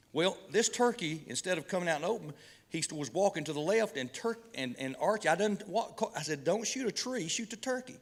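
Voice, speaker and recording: Preacher in an echoing hall. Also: male voice, medium pitch. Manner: folksy, repeats and restarts, mixes humor with preaching. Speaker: pastor. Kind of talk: folksy sermon storytelling. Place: church hall event. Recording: long hall reverb from a church PA.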